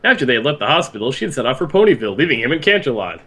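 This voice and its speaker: A male podcast host reading a fan story aloud, with expressive delivery and lots of banter and laughter. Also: mid-range voice, racing, breathy edge. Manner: expressive, with frequent laughter and outbursts.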